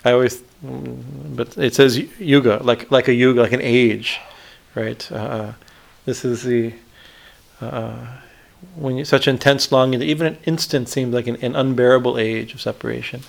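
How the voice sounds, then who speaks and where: Gravelly man giving a halting scripture talk. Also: mid-range voice, fairly even intonation. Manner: halting, many restarts, checks in with "right?"; recites Sanskrit verse lines slowly. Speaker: swami teaching scripture. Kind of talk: spiritual discourse on a hymn.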